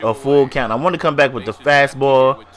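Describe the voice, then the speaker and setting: A man's voice: medium pitch, moderate pace. A man with a stuffy nose giving casual, hyped gameplay commentary, slangy and talking straight to his viewers. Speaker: gaming YouTuber.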